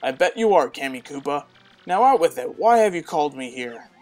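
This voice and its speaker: A woman's voice: low-pitched, expressive, a little fast, soft background music, voice pushed down. A woman voicing a blustering, hot-tempered male turtle king who growls and barks orders. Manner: growling, bossy, shouting.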